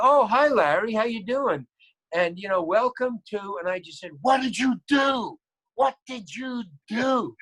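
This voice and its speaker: Male guest spinning an anecdote, lively and acting out each voice, a touch high-pitched. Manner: animated, acts out quoted lines, repeats words. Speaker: guest actor. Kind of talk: storytelling anecdote.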